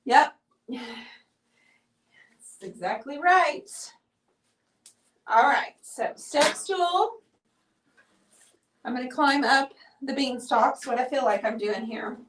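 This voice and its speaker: A woman's voice: high voice, animated, slow, pauses often, fairly bright tone. A woman hosting a live painting tutorial, chatting upbeat with viewers while she works and sounding out of breath. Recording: voice heard from a distance.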